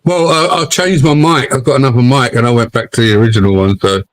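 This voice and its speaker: A man's voice: mid-range voice, steady tone, fast. A London man who is a guest on a casual live stream. He is blunt and constantly swears. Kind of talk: casual chat.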